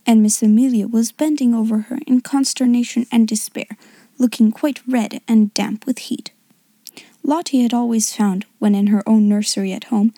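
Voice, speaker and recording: Woman, audiobook narration, fairly high voice, mellow, dry close recording. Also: no echo. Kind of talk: scripted narration.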